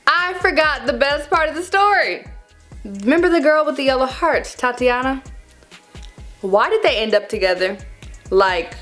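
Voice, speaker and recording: A young woman in her twenties telling a casual storytime to her viewers, dramatic and animated, calling them y'all. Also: fairly low pitch. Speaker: vlogger.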